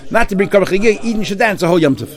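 A man leads a Talmud study session at a rapid clip. His voice sits a bit high, and he keeps questioning the text, arguing it out and mixing in Hebrew and Yiddish terms. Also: lively intonation. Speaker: Torah study teacher.

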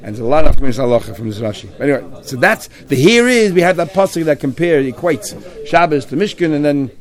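A man's voice: on the high side, lively intonation, quick pace. A man leading a Talmud study discussion, arguing and questioning, sprinkling in Hebrew and Yiddish terms. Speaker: Torah study teacher.

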